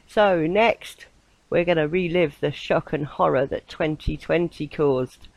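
A woman's voice: deep voice, no room sound, rough recording. Chatty English woman hosting a radio show. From England. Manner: chatty, meandering, with frequent fillers and laughter. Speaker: host. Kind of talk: casual rambling radio monologue.

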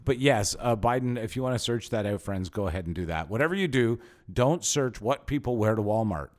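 Joking, sarcastic male co-host, low voice. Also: expressive, a little fast. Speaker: podcast co-host. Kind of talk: casual satirical chat.

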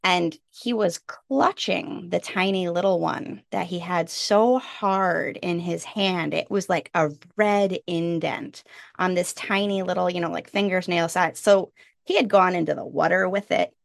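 A woman in her thirties with a low, gravelly voice tells a casual story on a podcast. Her voice jumps up brightly whenever she quotes someone. The sound is dry and close, with no room echo. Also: measured pace. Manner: animated, jumps up in pitch for quoted lines. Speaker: podcast guest.

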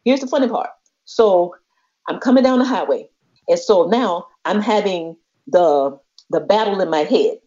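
In slightly muffled lo-fi audio, a woman with a mid-range voice speaks a little slowly. As a podcast co-host, she casually and animatedly tells a personal story, voicing the people in it.

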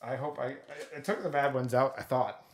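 A woman's voice: rumbling low, fairly quick. A woman hosting a casual podcast chat, explaining a party game and laughing often. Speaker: host.

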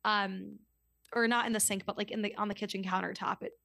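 A woman in her twenties telling a story as a podcast guest, in a casual, chatty way full of "like" and quick asides. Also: medium pitch, gravelly, dry recording, studio quality. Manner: chatty, lots of "like", animated retelling.

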